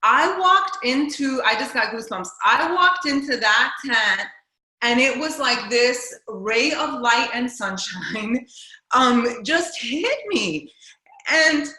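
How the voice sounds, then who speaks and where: A woman hosting a casual video call chat, gushing, excitable and emotional. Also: fairly high pitch, slow, roomy sound, low-quality recording. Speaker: host.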